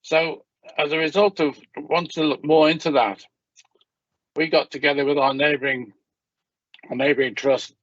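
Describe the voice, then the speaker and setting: A man with a croaky voice giving a measured, formal presentation at a meeting, with small restarts. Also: fairly high pitch, fairly bright tone, no room sound. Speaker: hospital governor presenting at a meeting. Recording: dull, lo-fi meeting audio.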